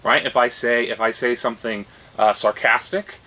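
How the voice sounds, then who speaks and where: His mid-range voice is steady, bright and forceful, moving at a moderate pace. He co-hosts a casual talk show, thinking things through, restarting phrases and tossing in rising "right?" checks. The audio is roughly recorded.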